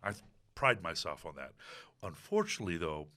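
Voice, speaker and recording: A man, an opera singer, telling a story about a stage role in casual chat, lively and quick to laugh. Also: sits low.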